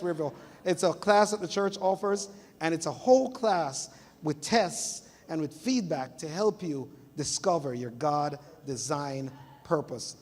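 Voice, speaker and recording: Man preaching, high voice, long church reverb, middle-aged, from Jamaica, animated storyteller. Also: normal speed. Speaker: pastor. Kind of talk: sermon. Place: church sanctuary.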